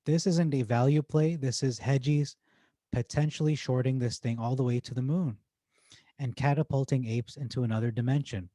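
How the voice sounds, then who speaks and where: A man hosting casual stock-market commentary, reading forum posts aloud in an excitable, rambling way with frequent self-corrections. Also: mid-range voice, normal speed, dry recording. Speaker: host.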